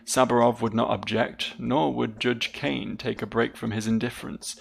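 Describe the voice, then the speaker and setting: An anxious, suspicious young nobleman from a video game, read aloud by a man. The voice is heavily gravelly. Lines run earnest and dramatic, with high lifts on worried questions. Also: little pitch movement, moderate pace. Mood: brooding.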